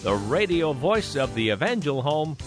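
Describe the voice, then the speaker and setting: A man reading a scripted radio sign-off announcement in a smooth, promotional manner. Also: on the high side, very animated, moderate pace. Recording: announcement over music.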